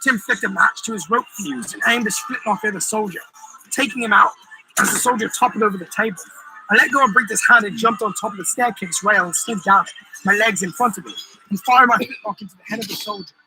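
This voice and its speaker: A man's voice: high-pitched, fast, pushed and bright, faint music behind, poor audio. A man narrating his own pirate adventure audiobook in the first person, telling the action vividly. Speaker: author reading his own novel.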